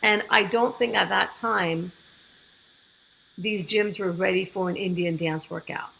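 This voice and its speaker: A woman guest on a podcast, telling her story in a lively way and acting out the dialogue she quotes. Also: mid-range voice, unhurried, vocal fry, a little hiss or hum, low-quality recording. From United States. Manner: animated, acts out quoted dialogue. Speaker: fitness program founder, guest.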